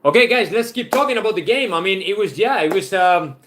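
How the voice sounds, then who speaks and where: A man's voice: high-pitched, lively intonation, a little fast, fairly bright tone, a little hiss or hum. A man from Spain with a Spanish accent, speaking English as a second language, hosts a football channel in casual live-stream chat, loose and chatty, often tagging "right?" onto his points.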